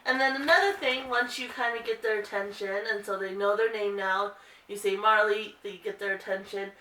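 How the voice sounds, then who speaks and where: A woman dog trainer speaks casually, explaining each step of a training exercise. Her voice is bright and forward. She sits a little away from the mic, and the indoor room adds a clear echo. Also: fairly quick, recorded from a distance. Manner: calm explaining, breaks into high sing-song calls to the dog. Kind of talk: casual instructional video. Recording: roomy echo, voice a bit off-mic.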